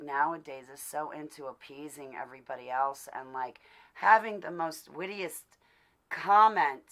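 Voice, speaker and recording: A woman talking straight to the camera in a casual rant, emphatic and indignant, laughing now and then. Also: on the low side. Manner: emphatic and indignant, swings from loud to quiet; laughs between remarks. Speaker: vlogger. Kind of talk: casual ranting monologue.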